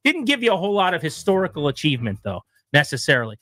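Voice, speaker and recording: A man's voice: fairly high pitch, wildly swooping pitch, very fast, sharp tone. A man co-hosting a sports radio show, arguing his case like a lawyer and rattling off statistics with emphasis. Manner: emphatic, rattles off stats like a closing argument. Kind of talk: mock courtroom argument on sports radio.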